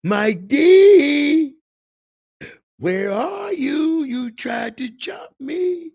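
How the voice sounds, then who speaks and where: A man voicing an enraged armed man who shouts and threatens while hunting someone down. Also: high voice, big pitch swings, takes it slowly, creaky, breathy edge, highs cut off, pitched above the performer's own voice, heavily acted. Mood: furious yelling. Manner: shouting, menacing.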